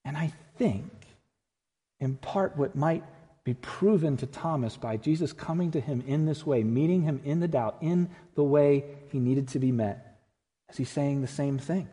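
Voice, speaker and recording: A man's voice: fairly high pitch, measured pace. Emphatic male pastor in a reverberant church. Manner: emphatic, swinging from loud to hushed and intimate. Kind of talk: Easter sermon. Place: church sanctuary.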